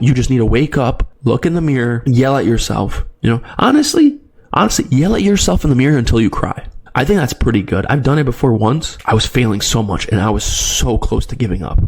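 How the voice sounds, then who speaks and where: Dude rapid-firing a motivation talk at the camera, mid-pitch voice, keeps asking right? okay?. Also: male voice, darkish tone, slightly rough. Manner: urgent, repetitive direct address, frequent tag questions. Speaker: trading video host.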